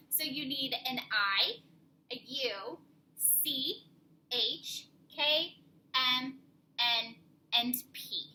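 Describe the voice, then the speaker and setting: A young woman teacher giving a slow, clear, encouraging spelling lesson to young children from her classroom. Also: high voice, sharp tone, slight background noise, low-quality recording.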